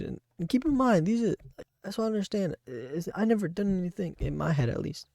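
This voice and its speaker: Gravelly young man venting. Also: high-pitched, animated, a little fast, a little mellow, no echo, clean studio sound. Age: young adult. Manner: rambling, frustrated, many restarts and stammers. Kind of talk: personal monologue.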